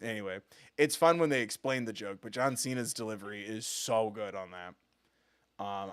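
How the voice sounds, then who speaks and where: A man's voice: lowish voice, moderate pace, a bit bright, clean tone, no room sound, studio quality. A man streaming a video game live, commenting with profane, sarcastic banter. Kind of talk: live let's-play commentary.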